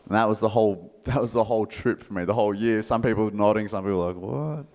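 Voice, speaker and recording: A fast-talking Australian man with a lowish voice spins a comic story for a live audience. He's a motivational speaker, lively and playful, imitating each character's voice, and the recording carries the reverb of a large hall.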